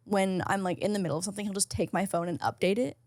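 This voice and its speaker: A woman co-hosting a podcast in casual, animated chat, swearing casually now and then. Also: medium pitch, fast, no room sound, studio quality. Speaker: podcast co-host.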